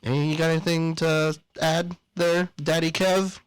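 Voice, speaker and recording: A man co-hosting a podcast, with a voice pitched a little high. He rambles in a playful, jokey way, full of fillers and silly asides. He sounds like he is talking straight into a podcast mic. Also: little pitch movement, measured pace, clean tone, rough recording. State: out of breath. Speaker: podcast co-host. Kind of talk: casual podcast chat and ad read.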